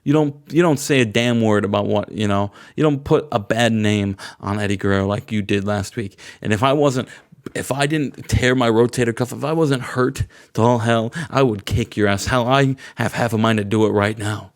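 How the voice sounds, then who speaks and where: A man's voice: lowish voice, normal speed, natural voice. A man doing an indignant, injured wrestler. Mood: indignant angry. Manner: heated, indignant, threatening. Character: angry injured male wrestler confronting a rival.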